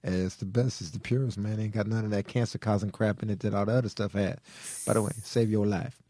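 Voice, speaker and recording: A man's voice: on the low side, fairly even intonation, quick pace, warm tone, no echo, clean studio sound. A man co-hosting a comedy podcast in a laid-back, joking way. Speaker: podcast co-host. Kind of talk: casual comedic chat. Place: podcast studio.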